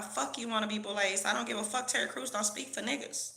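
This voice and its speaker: A woman's voice: on the high side, steady tone, fast talker, creaky, hardly any pauses, pushed and bright, reverberant. A woman vlogger delivering a profane, preachy, heated rant straight to her camera. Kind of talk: ranting commentary to camera.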